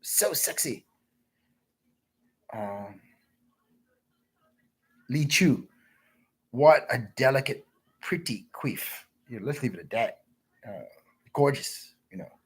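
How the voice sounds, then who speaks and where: A man's voice: medium pitch, animated, slow pace, long pauses, breathy edge. A man telling crude, rambling, repetitive stories on a livestream and reading viewer comments aloud.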